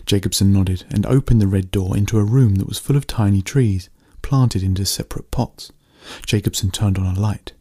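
Guy reading a story out loud, low and husky, kinda dark mellow sound. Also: normal speed. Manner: steady, plain narration. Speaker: narrator.

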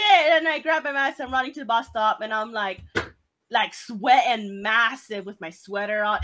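A woman's voice: fairly high pitch, moderate pace, a bit bright, low-quality recording. A woman co-hosting a podcast, telling a story in casual chat, swearing often and laughing along. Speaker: podcast co-host.

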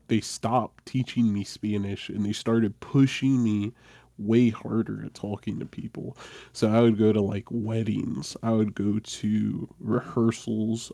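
Male podcast host, casual storyteller, self-deprecating; mellow low voice, dry close sound. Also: creaky, dry recording. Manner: animated, self-deprecating, laughs often.

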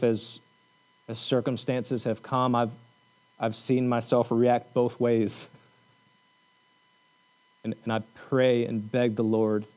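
Man, pastor, sermon, emphatic, repetitive phrasing, animated storytelling, middle pitch. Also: low-quality recording. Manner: repetitive, emphatic preaching with rising intensity.

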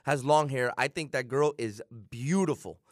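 A man co-hosting a casual chat, talking in an excited, teasing, emphatic way. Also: medium pitch, moderate pace, dry recording, clean studio sound. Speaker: show co-host.

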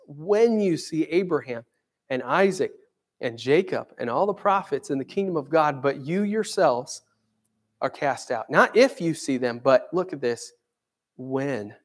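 A man's voice: a little high, lively intonation, measured pace. A man preaching a sermon in a conversational way, dramatically acting out quoted voices. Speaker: pastor.

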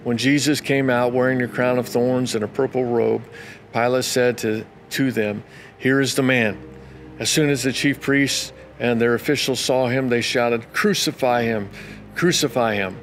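A man with an everyday, mid-pitched voice reads scripture aloud for a church's daily devotional. He keeps a steady reading pace and breaks in now and then with short, informal comments. Soft music plays faintly underneath. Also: moderate pace. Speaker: pastor.

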